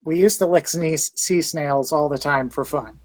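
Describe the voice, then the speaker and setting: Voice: medium pitch, a little slow, a little hiss or hum. A tabletop player describing their character's actions, hesitant and playful with many restarts.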